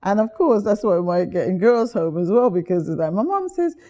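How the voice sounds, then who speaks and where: A woman from the UK, an interview guest telling lively stories in a chatty, animated way. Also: medium pitch, brisk. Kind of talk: animated storytelling.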